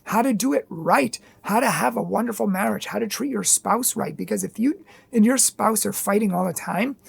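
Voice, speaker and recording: Husky, earnest woman giving parenting advice. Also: medium pitch, moderate pace. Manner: earnest, emphatic, repetitive lists. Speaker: parenting and faith video host. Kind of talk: direct-to-camera advice monologue.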